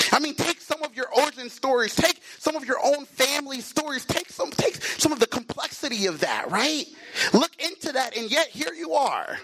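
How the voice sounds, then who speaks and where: Man preaching w a high voice, slows down on key words, cadence builds n builds. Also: husky, rough recording. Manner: rhythmic preaching cadence with repeated phrases and rising emphasis; slows and stretches key words, occasionally shouts. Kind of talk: sermon.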